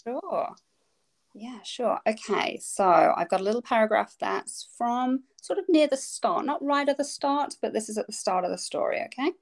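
Creaky-voiced woman, hesitant. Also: fairly high pitch, animated, normal speed. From England. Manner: hesitant, many ums and yeahs. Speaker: children's author, guest. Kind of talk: casual interview chat.

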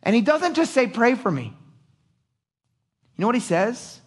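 A middle-aged man preaching a sermon, animated and casual, joking and acting out voices. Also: very high-pitched, slow, husky. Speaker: pastor.

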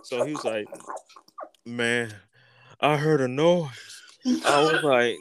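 A man hosting a podcast, telling a story in an animated, profane way, repeating words and acting out what people said. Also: medium pitch, slow pace, pauses often, a little hiss or hum. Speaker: podcast host. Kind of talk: casual storytelling.

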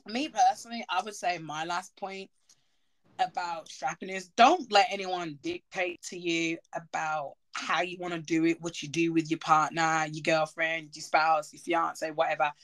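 A woman's voice: fairly low pitch, fairly bright tone. A woman hosting a podcast, telling candid stories in casual chat and laughing often. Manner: giggly, candid storytelling. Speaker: podcast host.

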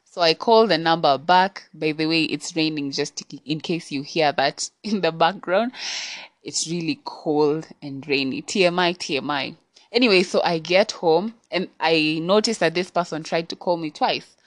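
A woman's voice: sits low, normal speed, no echo. A young woman with a Kenyan accent hosting a podcast, telling a story in a chatty, exasperated way to her listeners. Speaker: podcast host. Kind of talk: casual storytime. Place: home on a rainy night.

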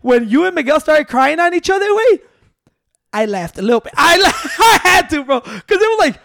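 Man, high-pitched, animated podcast host, dry close sound, casual swearing. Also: brisk, creaky, no echo. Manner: animated, swearing, mixing Spanish words.

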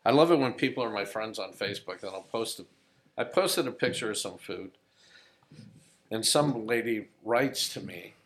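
A man's voice: fairly low pitch, animated, normal speed, fairly bright tone. A man who is a comedian, a guest on a podcast, telling profane stories in casual chat and acting out the quotes. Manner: profane, storytelling, acts out quotes.

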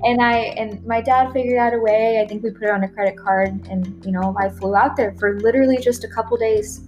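A woman's voice: a little high, fairly even intonation, fairly quick, darkish tone, soft background music. A woman in her thirties from Texas, a native Spanish speaker, talking casually as a podcast guest, laughing often and acting out remembered conversations. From Texas, USA.

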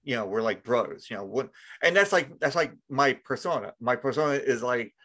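A man's voice: medium pitch, animated, bright, forceful tone. A man co-hosting a podcast, chatting casually and starting a story with many restarts. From Long Island. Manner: halting, full of restarts and fillers. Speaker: podcast co-host. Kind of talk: casual chat.

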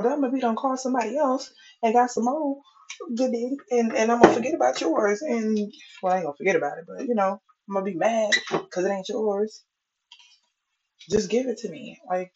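A woman's voice: fairly high pitch, a little mellow. A woman delivering a profane, exasperated comic rant as a vlogger, complaining at length. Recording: dull lo-fi recording.

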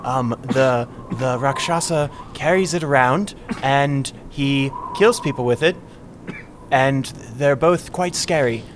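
A man's voice: mid-range voice, slow pace, background noise, lightly acted. A man voicing a nervous young male bard who stammers and rambles under threat. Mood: flustered. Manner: stammering, flustered.

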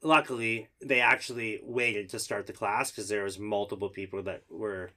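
Man, fire captain, casual storytelling, lowish pitch, bright forceful tone, lots of "like". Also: normal speed. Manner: animated, acts out dialogue, lots of "like".

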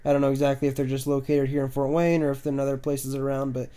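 Chatting on a podcast he hosts from home, a man talks rapid-fire in a clear, resonant, mid-range voice. He's relaxed and rambling, full of fillers and trailing "so"s, recorded on a new budget desk microphone.

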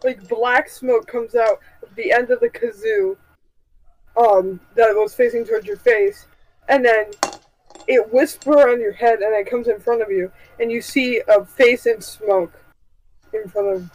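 Woman game master, breathy, unhurried, dry sound. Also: a little high, animated, a little mellow, low-quality recording. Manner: slow, hesitant, with many ums. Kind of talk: narrating a tabletop game.

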